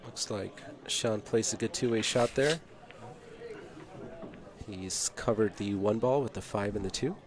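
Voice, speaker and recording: A man giving steady play-by-play of a pool match on a casual live stream and reading viewer chat aloud. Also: on the low side, a little slow, long pauses, a crowd in the background.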